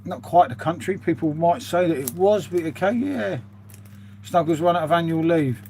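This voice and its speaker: A British man talks loosely to his stream chat and keeps throwing in "mate". His voice sits a little high for a man. A faint hum runs under the talk. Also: normal speed, mellow. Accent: British English. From United Kingdom. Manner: chatty, rambling, says "mate" often. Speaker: live streamer reading chat. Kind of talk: casual live-stream chat.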